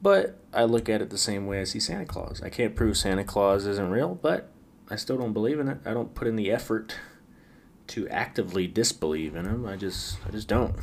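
A man's voice: on the low side, lively intonation, a little fast, gravelly. A man hosting a late-night solo podcast, rambling wryly with frequent stammered restarts. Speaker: podcast host.

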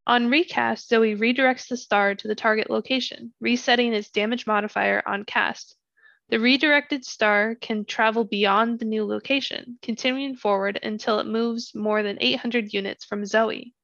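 A woman's voice: a little high, moderate pace, creaky, no echo, lo-fi sound. A woman co-hosting a gaming podcast, methodically reading out stats and ability details in a casual way. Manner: steady, methodical reading of numbers. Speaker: podcast co-host.

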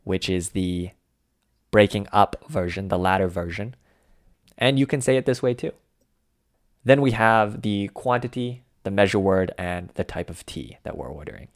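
A man with a very deep voice explains a dialogue piece by piece. The sound is close and dry, with no room echo. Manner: methodical, breaks phrases down. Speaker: language teacher.

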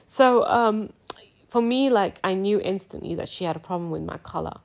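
A woman's voice: medium pitch, normal speed, vocal fry. Young woman ranting on her podcast. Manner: emphatic and exasperated, with frequent laughs. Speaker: podcast host. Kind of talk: casual podcast rant.

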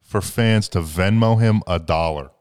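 A man's voice: sits low, measured pace, darkish tone, clear, resonant tone. A man hosting a podcast, telling crude stories in a rambling, profane way with lots of fillers. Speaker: podcast host. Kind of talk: crude casual chat.

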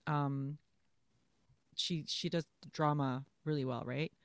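A woman co-hosting a casual movie-review chat, talking in an animated way and acting out scenes with quoted voices. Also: low voice, takes it slowly, dry recording. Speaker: podcast co-host.

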